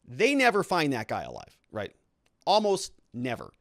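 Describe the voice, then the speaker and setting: A man's voice: mid-range voice, huge pitch swings, moderate pace, fairly bright tone, dry recording, clean studio sound. A man giving casual legal commentary as a lawyer, talking in a loose, conversational way with sarcastic asides.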